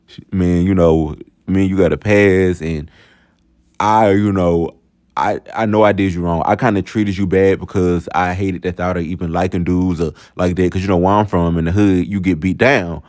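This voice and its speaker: A young man from the hood, a remorseful ex-lover, as a storyteller puts him on, speaking in a lowered, slangy, halting voice. The tone sits very low and the sound is close and dry. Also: fairly even intonation, darkish tone, no echo, close to an everyday voice. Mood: confessing.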